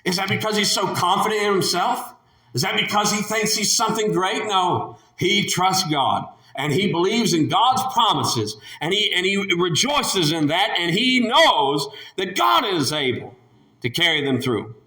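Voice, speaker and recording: Bright-voiced, high-pitched male preacher. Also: unhurried, reverberant. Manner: emphatic, animated preaching with repeated phrases. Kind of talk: sermon.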